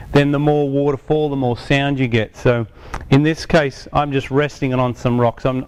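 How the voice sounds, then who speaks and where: A man's voice: on the high side, darkish tone, slight background noise. A man giving a casual, hands-on product demonstration outdoors, chatting and correcting himself as he explains each step. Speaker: product presenter. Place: outdoors on a hot day.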